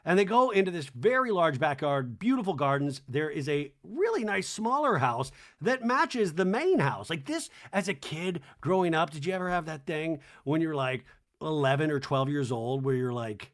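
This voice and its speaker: Lively man rambling through a comedic recap. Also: on the high side, normal speed. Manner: animated, rambling, lots of "like". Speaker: podcast host.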